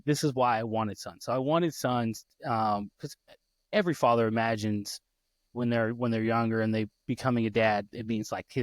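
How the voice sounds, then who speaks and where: A man in his thirties hosting a casual podcast interview, lively and quick to act out his kids' voices. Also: medium pitch, dry recording, studio quality. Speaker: podcast host.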